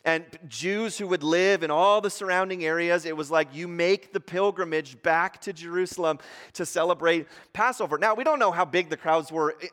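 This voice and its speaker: A man preaching a sermon as pastor, talking in a conversational way with fillers and restarts, rising in pitch and volume when he acts out the crowd. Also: big-room sound. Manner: grows louder and higher when acting out the crowd.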